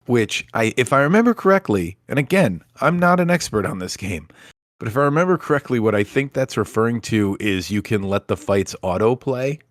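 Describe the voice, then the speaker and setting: A man co-hosting a casual podcast, talking in a relaxed, rambling, self-deprecating way. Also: medium pitch, fairly quick, no room sound, studio quality. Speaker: podcast co-host. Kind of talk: casual chat.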